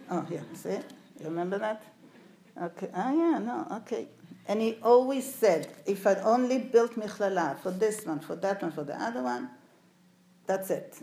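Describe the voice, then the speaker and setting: A woman's voice: medium pitch, mellow. Woman telling stories in an echoey room. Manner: storytelling, puts questions to the audience. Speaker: speaker recalling her father before an audience. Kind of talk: anecdotal talk to a live audience.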